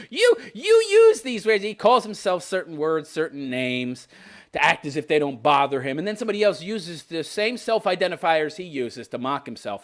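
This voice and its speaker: A man's voice: sits high, fairly bright tone. A man in his fifties hosting a podcast, ranting scornfully and sarcastically, often breaking into laughter. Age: 50s. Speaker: podcast host. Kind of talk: political commentary rant.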